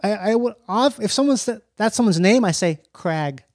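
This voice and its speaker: A man appearing as a comedian guest on a podcast, deadpan and self-mocking. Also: sits high, a little fast, no echo, studio quality. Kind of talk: casual comedic chat.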